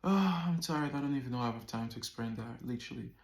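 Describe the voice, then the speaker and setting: A man in his thirties telling a personal story to camera in a casual, animated way, often repeating words and swearing freely. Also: mid-range voice, fast, reverberant. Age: 30s. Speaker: vlogger.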